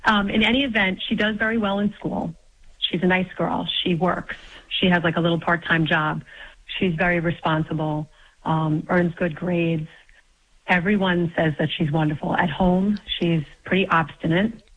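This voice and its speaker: A woman's voice: on the low side, fairly even intonation, normal speed. A middle-aged woman from New York calling in to a radio show, talking hesitantly with many ums and self-corrections. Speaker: caller. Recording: dull lo-fi phone call audio.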